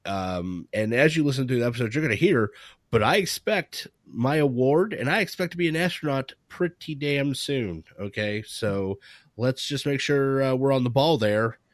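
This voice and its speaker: A man's voice: mid-range voice, expressive, moderate pace, no room sound, clean studio sound. A man co-hosting a podcast in casual chat, joking and poking fun at himself. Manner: joking, self-mocking. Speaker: podcast co-host.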